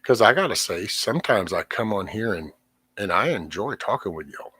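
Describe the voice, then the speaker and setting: A man's voice: on the low side, lively intonation, normal speed, bright, forceful tone, husky, no echo. A middle-aged man, venting in a rambling, cussing way on his livestream. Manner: rambling, frequent cursing, trailing off. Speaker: livestream host. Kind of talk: casual venting livestream chat. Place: home.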